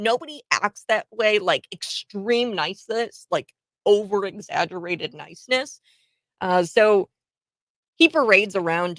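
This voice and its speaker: A woman's voice: mid-range voice, fairly bright tone, no room sound. Woman commentary host, rural US upbringing, sarcastic and chatty, dry close recording. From rural United States. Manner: chatty, sarcastic, laughs often. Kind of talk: opinionated commentary.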